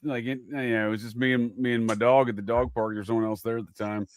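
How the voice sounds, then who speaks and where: A man's voice: mid-range voice, flat delivery, quick pace, no room sound. A man from Ohio chatting on a podcast, telling profane anecdotes and laughing often. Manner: profane, storytelling, laughs a lot. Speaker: podcast host. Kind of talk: casual podcast chat.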